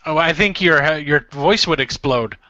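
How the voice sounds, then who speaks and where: Sardonic man with a bright, sharp voice. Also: fairly high pitch, moderate pace, highs cut off. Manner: sardonic, dry jokes. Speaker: guest commentator. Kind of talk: riffing group commentary.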